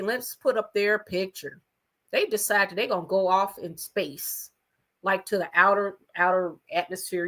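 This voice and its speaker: A woman hosts a casual gossip livestream from her own room, with a bright, forceful voice of middling pitch. She talks in a chatty, gossipy way and speaks straight to her viewers. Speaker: livestream host.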